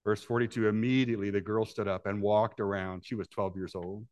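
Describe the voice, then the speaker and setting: A man preaching a sermon as pastor, acting out voices from the Bible story and swinging between hushed, intimate lines and loud, climbing passages. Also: lowish voice, little pitch movement, brisk. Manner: acts out voices in Bible scenes.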